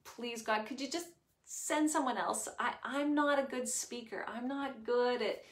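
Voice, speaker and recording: A woman's voice: a little high, unhurried, pitched above the performer's own voice, lightly acted. A woman voicing Moses as a nervous, stammering man who pleads to be let off, in a children's story. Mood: pleading. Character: fretful reluctant man, Moses, pleading and unsure.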